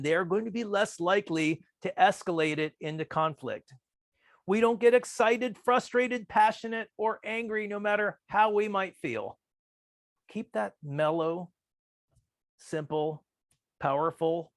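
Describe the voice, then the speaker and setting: Guy presenting a workshop, fairly high voice, calm and measured, dry close sound, does little voices for quotes. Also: no echo. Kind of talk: presentation on persuasive communication.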